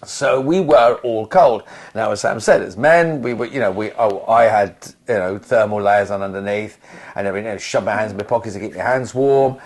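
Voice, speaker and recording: A man co-hosting a casual podcast, telling anecdotes in an animated way with frequent restarts. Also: on the low side, brisk. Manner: animated storyteller, many restarts. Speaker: podcast co-host, actor.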